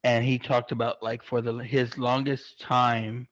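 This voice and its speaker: A man chatting casually, excitable and swearing constantly, rambling with lots of fillers. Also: medium pitch, measured pace, no echo, highs cut off. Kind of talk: casual chat.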